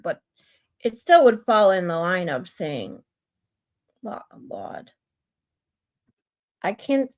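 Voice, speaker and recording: Female livestream host, unhurried, playful, lively melody in her voice. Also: mid-range voice. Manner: musing aloud, slow, playful word practice. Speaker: streamer host. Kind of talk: casual livestream chat.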